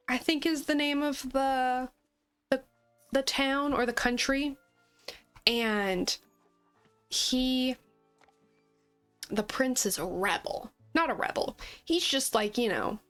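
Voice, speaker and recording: Giggly, slow-talking woman gaming host. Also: mid-range voice, fairly bright tone. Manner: playful, giggly, chatty. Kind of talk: casual gameplay chat.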